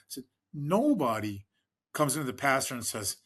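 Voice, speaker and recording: On a podcast, an interview guest who works as a fundraising expert spins long anecdotes, filling them with fillers and restarts and imitating those he quotes. He's a middle-aged American whose voice sits on the high side, swings widely in pitch, and sounds fairly bright and slightly rough at a moderate pace.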